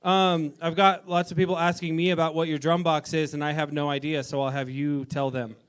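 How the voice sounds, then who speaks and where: A man's voice: a little high, flat delivery, brisk, clean tone. A man hosting a live music night at a bar, interviewing a performer in a loose, upbeat way and swearing freely. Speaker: event host. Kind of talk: casual onstage interview.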